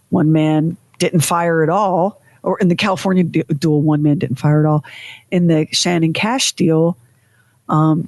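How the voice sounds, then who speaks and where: A woman's voice: low voice, darkish tone, dry recording. A woman co-hosting a podcast, telling history in casual chat with vivid, dramatic phrasing. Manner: dramatic, vivid storytelling with emphatic pauses. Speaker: podcast co-host.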